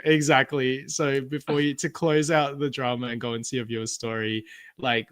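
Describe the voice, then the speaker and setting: A man co-hosting a casual podcast, playful and quick to laugh. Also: mid-range voice, flat delivery, a bit bright, no echo. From Filipino-American. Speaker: podcast co-host. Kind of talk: casual chat.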